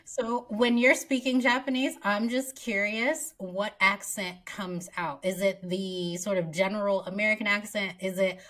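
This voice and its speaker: Casting: female podcast host, curious and encouraging, mid-pitched. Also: steady tone, a little slow, few pauses, a bit bright. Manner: curious, questioning, supportive. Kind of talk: casual interview chat.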